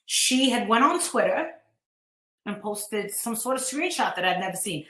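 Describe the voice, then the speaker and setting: A woman with a fairly high voice recounts events as a live-streamer, telling the story casually at a moderate pace and animatedly acting out the dialogue she quotes. The room is echoey.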